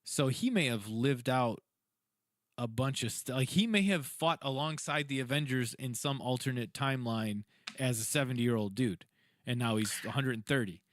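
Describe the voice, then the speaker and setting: A man co-hosting a podcast, chatting casually and telling stories in a rambling, animated way. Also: medium pitch, normal speed, no echo. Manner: rambling, animated storyteller, self-described comic nerd. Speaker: podcast co-host. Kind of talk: casual chat.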